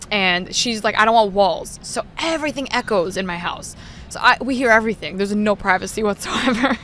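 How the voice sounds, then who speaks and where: A woman's voice: medium pitch, fairly bright tone, a little hiss or hum. A woman in her twenties from Long Island with a Long Island accent, a chatty, self-deprecating podcast guest. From Long Island, New York. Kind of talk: casual interview chat.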